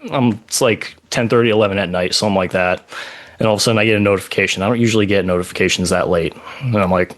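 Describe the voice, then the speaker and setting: A man with a fairly low voice recounts a personal story in casual podcast talk. He speaks haltingly, breaking his sentences with pauses and "like" asides. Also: fairly even intonation.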